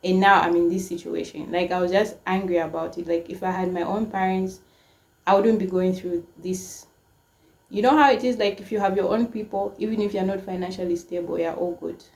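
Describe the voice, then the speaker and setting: A woman's voice: on the low side, a little fast, gravelly. A woman in her twenties telling a personal story to camera in a casual, emotional way, full of "like" fillers. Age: 20s. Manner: emotional, frequent "like" fillers, animated quoting. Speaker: storytime vlogger.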